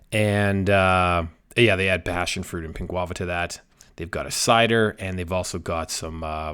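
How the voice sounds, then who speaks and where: Chatty low-voiced man rambling casually. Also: a bit bright, smooth. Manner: chatty, rambling with many fillers. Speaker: beer reviewer. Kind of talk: casual chat.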